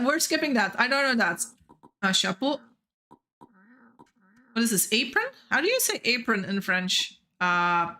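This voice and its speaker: A woman's voice: fairly high pitch, bright, forceful tone. A young woman streaming a game, rambling in casual chat and laughing often. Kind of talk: casual chat while gaming.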